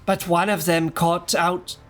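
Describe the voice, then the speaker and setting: A man's voice: high voice, flat delivery, slow, soft background music. A man doing a grave German documentary narrator. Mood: solemn. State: hoarse.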